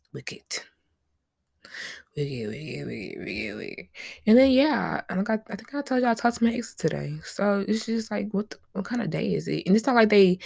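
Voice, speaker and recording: A woman's voice: low voice, gravelly, a little mellow, dry recording, clean studio sound. A young woman hosting a solo podcast, chatting casually with lots of slang, rambling asides and frequent laughs. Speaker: podcast host.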